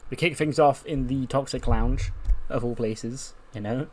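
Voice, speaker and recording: A man's voice: mid-range voice, a little slow, a little hiss or hum. A young man casually narrating a game playthrough in a rambling, offhand way, swearing now and then. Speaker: let's-play narrator.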